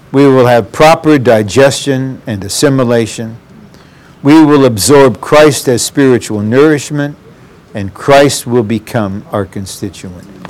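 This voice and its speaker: A man's voice: medium pitch, a little mellow. A man preaching a sermon, earnest and addressing the congregation directly.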